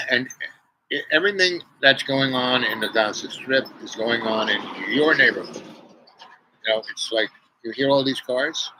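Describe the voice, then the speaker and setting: A man's voice: medium pitch, bright, forceful tone, a little hiss or hum, rough recording. A man rambling to camera in a meandering monologue, full of "you know" and restarts, sitting outdoors on a porch. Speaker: vlogger.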